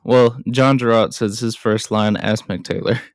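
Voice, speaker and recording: A man's voice: on the low side, steady tone, normal speed, dry recording, clean studio sound. A man hosting a casual film recap, chatty and self-deprecating with frequent asides.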